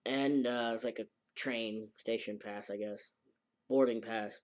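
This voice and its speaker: Rambling male reviewer, casual recap, halting delivery. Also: on the low side, fairly even intonation. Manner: rambling, halting, with many fillers and restarts. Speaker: anime reviewer.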